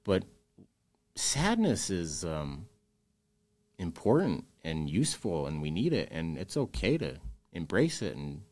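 A man's voice: sits low, huge pitch swings, unhurried, long pauses, a little mellow. A man as a podcast guest, talking earnestly and emotionally about loss and carrying on. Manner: earnest, emotional, speaks openly about grief. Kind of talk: candid interview conversation.

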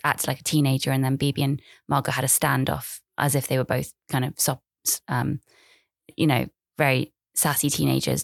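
A woman's voice: low voice, gravelly, no echo, clean studio sound. A woman in her thirties hosting a podcast, talking in a rambling, chatty, self-deprecating way. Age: 30s. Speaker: podcast host. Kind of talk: casual monologue.

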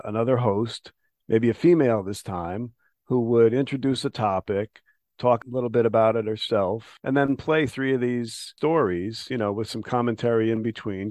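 A man on a podcast panel, thinking aloud as he pitches ideas. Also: a little mellow, dry recording. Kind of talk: casual chat.

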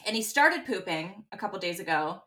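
Candid, rambling podcast mom. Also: female voice, medium pitch, lively intonation, fairly quick, pushed and bright. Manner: candid, rambling storytelling with swearing. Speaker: podcast co-host. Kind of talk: casual chat.

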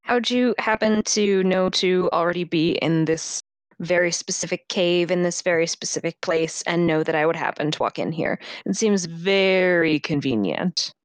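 Brief: lower-pitched woman player, sardonic in-character banter, dry sound. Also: moderate pace, no echo. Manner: wry, suspicious banter with laughs. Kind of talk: role-play in a tabletop game.

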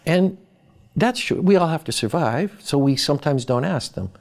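A man from Boston, an academic guest, giving reflective interview answers in a measured, thoughtful way with pauses. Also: medium pitch, animated.

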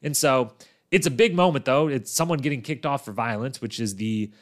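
A man of middle pitch talks through a reality show recap in a loose, chatty way. He tells the story with animation and fills it with "like" and "you know." When he quotes people, his voice jumps up to play them. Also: brisk. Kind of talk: casual recap monologue.

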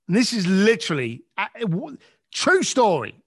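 A man telling a long personal story, acting out the voices of others and dropping low and quiet at emotional moments. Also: very animated, normal speed, dry recording, clean studio sound. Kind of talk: animated anecdote.

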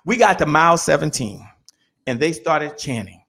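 A man's voice: a little high, sing-song, normal speed, creaky, fairly bright tone, husky. A man giving a fired-up motivational talk on a podcast, preaching with chants and call-and-response. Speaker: guest speaker. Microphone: remote call.

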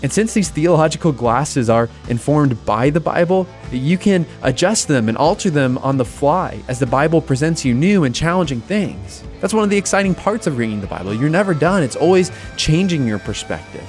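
A man's voice: fairly high pitch, normal speed, few pauses, soft background music. A man hosting a podcast, teaching about the Bible in a conversational way and telling a personal story along the way. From United States. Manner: conversational, animated storytelling with small restarts.

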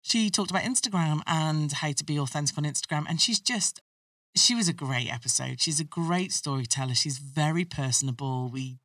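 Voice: mid-range voice, fairly quick, pushed and bright, no room sound, clean studio sound, far from the mic. A podcaster guest chatting casually and rambling through their thoughts. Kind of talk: casual chat.

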